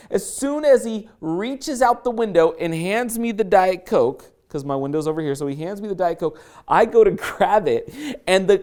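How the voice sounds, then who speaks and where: An animated man telling a story to teach a course lesson. His delivery is playful, and he acts out his own reactions along the way. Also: high voice. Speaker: course instructor.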